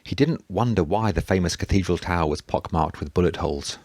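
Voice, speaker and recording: Male narrator, very deep voice, dry booth sound, steady reading pace. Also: a little fast, no echo. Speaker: audiobook narrator. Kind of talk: scripted narration.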